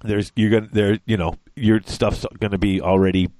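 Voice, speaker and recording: A man's voice: fairly low pitch, fairly even intonation, normal speed, warm tone, dry recording. A man hosting a podcast in casual chat, rambling and stumbling over names. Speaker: podcast host.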